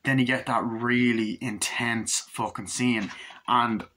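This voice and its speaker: Man, casual film review, bright voice, profane, rambling. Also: mid-range voice, steady tone, slow. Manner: loose, profane, full of fillers and retellings. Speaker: movie reviewer.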